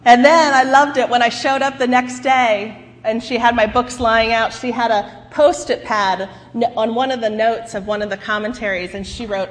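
Lady preacher in a big echoey church, slow, kinda high voice. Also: steady tone. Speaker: pastor. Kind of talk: sermon with storytelling.

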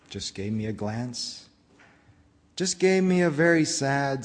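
A man's voice: mid-range voice, long reverb tail, close to an everyday voice. A man voicing a greedy factory owner who tells his own story in rhyme, read aloud in a church. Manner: rhyming storybook narration, slow and dramatic.

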